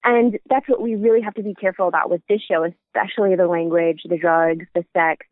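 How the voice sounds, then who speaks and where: A woman's voice: lowish voice, steady tone, brisk, no room sound. A middle-aged woman chatting casually as a parenting podcast co-host, telling stories and laughing now and then. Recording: phone-like remote audio.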